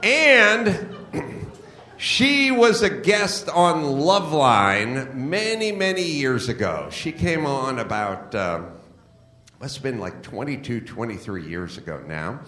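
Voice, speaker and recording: A middle-aged comedy podcast host delivers a mocking, profane, blunt monologue before a live crowd, and the venue's echo is audible in the recording. His mid-range voice swings widely in pitch, moving slowly with a bright, forceful tone.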